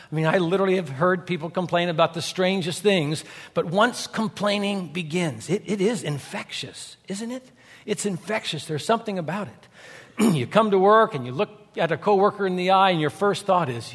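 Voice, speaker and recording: A man delivers a sermon in a church sanctuary, his voice sitting a little high for a man. He is animated and folksy, acting out quotes with humor. The sound carries a long reverb from the hall. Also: slightly rough. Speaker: guest preacher, university leader.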